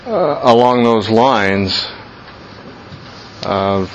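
Male Bible study teacher, measured and slow, repeats for emphasis; light room noise. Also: lowish voice, fairly bright tone. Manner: slow, deliberate, repeats key phrases for emphasis.

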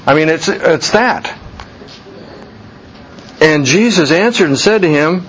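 A man preaching a sermon slowly and deliberately, jumping to a much higher pitch when he voices people's reactions. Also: lively intonation, a bit bright, breathy edge, muffled recording. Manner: slow deliberate preaching, voice leaps high for quoted reactions. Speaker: pastor.

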